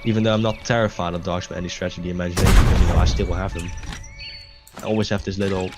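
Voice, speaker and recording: Young guy with a real low voice rambling and cussing while he games, clear music under him. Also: level tone, very fast. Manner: rambling, swears a lot, many restarts. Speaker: gaming video host. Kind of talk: casual chat over gameplay. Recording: music playing clearly behind voice. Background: game music.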